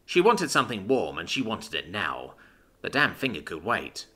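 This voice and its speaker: A man narrating a fantasy story in an expressive storytelling manner. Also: lowish voice, moderate pace, breathy edge. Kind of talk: scripted narration.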